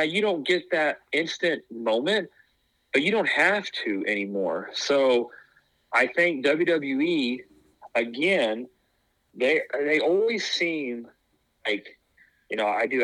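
A man's voice: medium pitch, lively intonation, measured pace, sharp tone, no room sound, poor audio. A man chatting casually as a podcast co-host, rambling with lots of fillers and restarts. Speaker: podcast co-host, former wrestling tryout. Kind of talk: casual chat.

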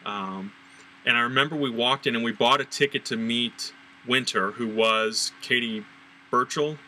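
A middle-aged man hosting a podcast, casually recalling past events with fillers and pauses. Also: mid-range voice, a little hiss or hum, rough recording. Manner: relaxed, recalling details with fillers. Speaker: podcast host.

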